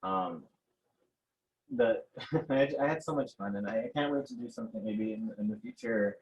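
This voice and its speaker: A man's voice: medium pitch, very animated, moderate pace, creaky, highs cut off. A young man being interviewed, casually recounting events with frequent fillers and restarts. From Mexican heritage. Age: teens. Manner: hesitant, many restarts and fillers, laughs often. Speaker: interviewee, protest organizer.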